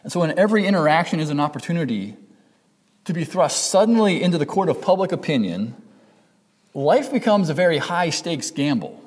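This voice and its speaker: A man's voice: on the high side, sing-song, fairly quick, slightly rough, long reverb tail. A man preaching a sermon as pastor, talking in a conversational way, correcting himself and acting out the voices in people's heads. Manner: conversational, self-correcting, acts out quoted inner voices.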